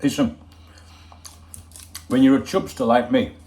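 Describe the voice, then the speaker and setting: A man's voice: medium pitch, steady tone, a little slow, warm tone. Swearing, joking man vlogging at home. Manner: chatty and joking, swears freely. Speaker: football channel host. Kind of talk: casual rambling vlog chat.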